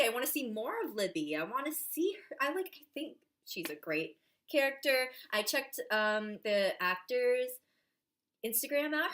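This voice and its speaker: A woman in a casual reaction vlog, gushing and excitable about an episode, full of "like" fillers. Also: on the low side. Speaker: vlogger reviewing a TV episode.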